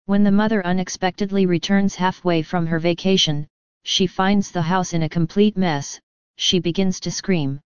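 A woman narrates a story in an even, matter-of-fact way. Her voice is on the low side and very clear. The recording is dry and a little dull. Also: normal speed, dry recording.

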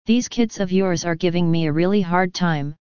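A woman reading the lines of a fed-up, self-excusing husband in a storybook tale, in her own lowish, clear voice. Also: normal speed, a little mellow, no echo, dull audio, lightly acted. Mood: grumbling. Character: exasperated lazy husband, middle-aged man.

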